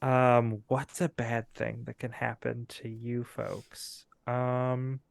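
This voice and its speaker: A man's voice: mid-range voice, little pitch movement, slow pace, vocal fry. A man narrating as game master of a tabletop game, rambling with many fillers and laughing often.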